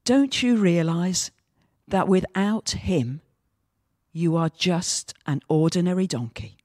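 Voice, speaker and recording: A patient mother donkey speaking gently and wisely, as a woman puts her on. The voice is slow and unhurried, recorded dry and close. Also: on the low side, no room sound. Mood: gentle. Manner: gentle, chiding softly.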